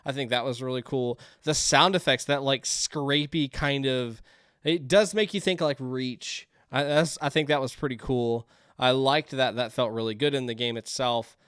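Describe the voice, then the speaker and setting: A man playing indie games and thinking aloud, chatty and quick to get excited. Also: mid-range voice, smooth, no room sound, clean studio sound. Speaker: gaming YouTuber. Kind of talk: let's play commentary.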